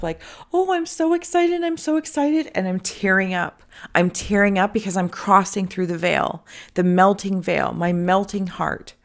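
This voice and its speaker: A woman giving a spiritual tapestry and tarot reading, talking in a meandering, dreamy way that keeps correcting itself and sometimes drops to a soft whisper. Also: lowish voice.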